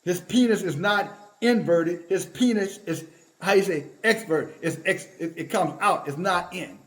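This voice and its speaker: A man with a notably high voice delivers a scolding online sermon. He talks in an emphatic, confrontational way and stops to read scripture aloud. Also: unhurried. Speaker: preacher.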